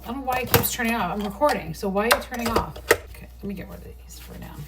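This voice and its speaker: A woman's voice: on the high side, very fast, distant mic. A middle-aged woman chatting casually and swearing freely to a phone camera while she cooks in her home kitchen. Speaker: home cooking vlogger. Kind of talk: casual kitchen vlog chat. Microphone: phone on a tripod. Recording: phone mic from across the kitchen with background noise.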